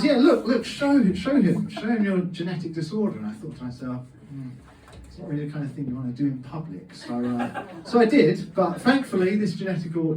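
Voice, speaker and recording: A young man performing a stand-up comedy set in a packed comedy club, acting out his dad's lines in his anecdotes. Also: on the high side. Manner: animated storytelling, plays out his dad's lines. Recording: roomy club sound from a distant camera. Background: faint audience laughter.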